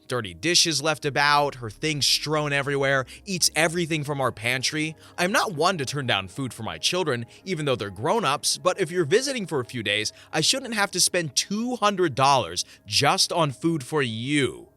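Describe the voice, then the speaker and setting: A man reading online posts aloud as a story reader and adding animated, playful commentary between them. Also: a little high, moderate pace, few pauses.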